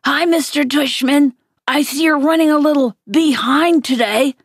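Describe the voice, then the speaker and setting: A woman's voice: high-pitched, moderate pace, no echo, clean studio sound, voice pushed up. A woman doing a dad's fake old lady voice. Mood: playful. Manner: silly, mock-formal.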